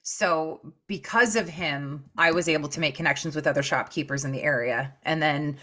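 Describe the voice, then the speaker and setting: A woman's voice: deep voice, normal speed. A woman podcast host in a casual chat, telling stories with lots of quoted voices. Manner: animated storyteller, jumps into quoted voices.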